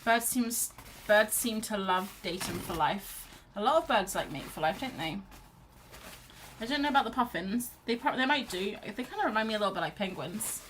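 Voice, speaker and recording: A slight hiss or hum runs under this mid-range female voice, which has lively intonation and a moderate pace. She's an art streamer painting at home on a sofa, wrapped in a blanket, chatting casually, reading out the chat and rambling encouragement to herself. Quiet music plays in the background.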